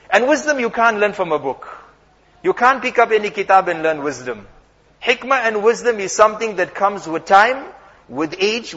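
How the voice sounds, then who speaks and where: A man's voice: sits high, fairly bright tone. A man preaching a sermon, telling stories and acting out the dialogue. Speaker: Islamic preacher. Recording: muffled sound in a reverberant hall.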